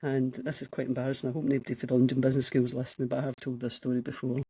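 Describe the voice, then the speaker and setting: A Scottish woman in her sixties with a husky, slightly breathy voice, recorded dry and close. She spins frank, self-mocking anecdotes about her own path, chatty and unguarded. It sounds like an easy conversation on a podcast. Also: very deep voice, little pitch movement, racing, warm tone, dry recording, poor audio. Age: 60s. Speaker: guest, economics professor. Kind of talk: casual interview storytelling.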